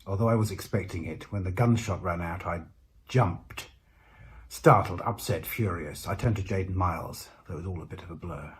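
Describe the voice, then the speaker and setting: A man narrating a first-person story aloud in a measured, reflective way with dramatic pauses. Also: low-pitched, a little hiss or hum. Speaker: narrator voicing the lead character. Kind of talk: first-person audiobook reading.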